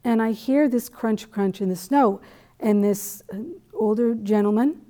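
A middle-aged woman from New England giving a dharma talk, telling a personal story in a conversational, animated way with asides. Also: medium pitch, unhurried. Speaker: meditation teacher.

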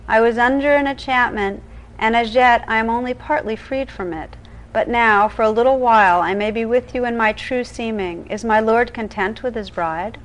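A woman voicing an enchanted noblewoman bride from an old tale, gentle and earnest in a storybook reading. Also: a little high, moderate pace, natural voice, rough recording. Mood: tender.

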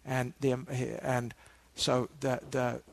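A man giving a meditation dharma talk, a relaxed storyteller who adds asides to his listeners. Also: medium pitch, slow pace, vocal fry, no echo. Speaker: meditation teacher.

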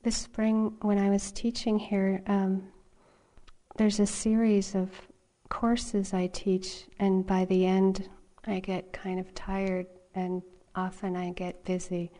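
A middle-aged woman teaching meditation, her voice sitting at an ordinary middle pitch. She tells a personal story gently and without hurry, laughing often as she goes. It is a calm dharma talk. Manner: soft, unhurried storytelling with laughter.

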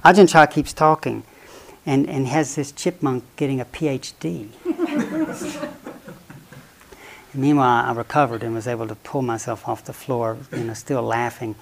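A man giving a Buddhist dharma talk, telling a story in a playful, animated way and sometimes dropping almost to a whisper. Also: mid-range voice, a little fast, gravelly, slight background noise, rough recording. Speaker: Buddhist meditation teacher.

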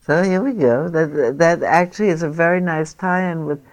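A woman's voice: deep voice, moderate pace. A woman meditation teacher leading a group dharma discussion, encouraging and chatty with rambling asides. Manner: warm, encouraging, laughs easily, rambling asides.

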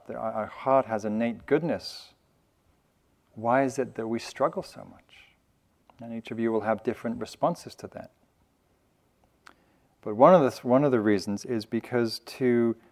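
A man teaching at a meditation retreat, speaking in a gentle, loose, conversational way with light self-mocking humor. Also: mid-range voice. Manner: loose, with frequent fillers and restarts. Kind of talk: dharma talk at a meditation retreat.

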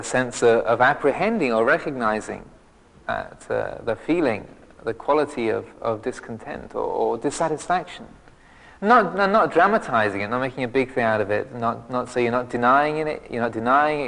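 A man's voice: mid-range voice, gravelly, fairly bright tone, in a large hall, rough recording. A man, a monk teacher, giving a dharma talk with many restarts and fillers and a self-mocking humor. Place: monastery meditation hall.

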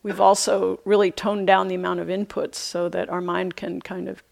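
Gravelly-voiced woman giving a dharma talk. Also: on the low side, little pitch movement. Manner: reflective, unhurried, with soft hesitations; light self-amused laughter. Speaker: meditation teacher. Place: retreat center meditation hall.

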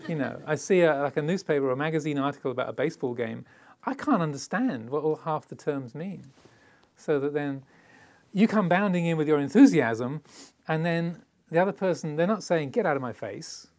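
A man's voice: a little high, brisk, darkish tone. Meditation teacher, middle-aged Englishman, easygoing Dharma talk, playful, voices the quotes. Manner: conversational, playful, laughs often; acts out little quoted voices.

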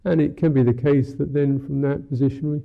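A Buddhist monk teacher giving a dharma talk in a musing, unhurried, wry way, often saying "you know". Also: male voice, medium pitch, fairly even intonation, gravelly. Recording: tinny lo-fi talk recording.

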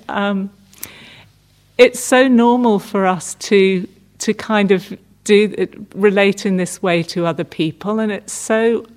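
A middle-aged woman giving a gentle, unhurried meditation talk, often restarting her phrases. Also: medium pitch. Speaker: meditation teacher. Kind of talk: dharma talk.

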